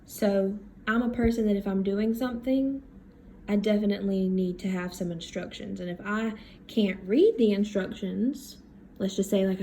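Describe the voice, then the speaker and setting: A woman teacher giving a recorded reading lesson, talking slowly and thinking aloud as she works through words. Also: medium pitch, gravelly, dark tone, slight background noise. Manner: slow, thinking aloud while writing.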